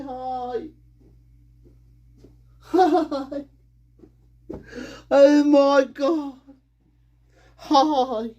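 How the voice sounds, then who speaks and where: A man voicing an eerie, tearful ghostly girl in a high, breathy, wavering voice that keeps repeating its greetings. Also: warm tone, heavily acted.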